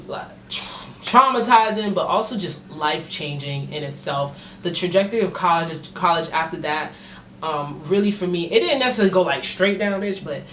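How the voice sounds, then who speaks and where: A young adult woman vlogger telling a casual story time, animated and full of slang and swearing. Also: on the low side, a little hiss or hum. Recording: roomy echo.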